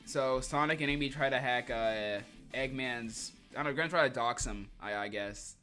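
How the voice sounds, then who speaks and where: Brief: young male streamer, bright tone, faint music underneath, loose rambling jokey delivery. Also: medium pitch, normal speed, hardly any pauses. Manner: rambling, joking, laughs often. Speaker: streamer reading comics. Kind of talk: casual livestream commentary.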